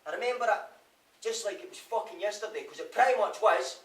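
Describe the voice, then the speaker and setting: On a theatre stage, a stage actor with a Scottish accent performs a monologue as a remorseful male prisoner, swearing constantly. His voice is high, a little fast and fairly bright, and he sounds raw, brooding and guilt-ridden. The live recording is roomy and captured from far off.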